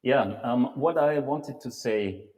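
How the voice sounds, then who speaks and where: A man's voice: mid-range voice, takes it slowly, a crowd in the background. A man appearing as a brewery guest on a live beer tasting, speaking in a hesitant way full of ums and uhs. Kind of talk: casual live-stream chat. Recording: long hall reverb.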